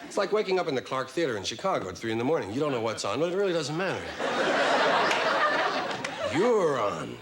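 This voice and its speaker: A man performing a stand-up monologue in a wry, measured storytelling manner. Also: medium pitch, very animated, a loud crowd, heavy background noise. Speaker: stand-up comedian. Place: television studio stage.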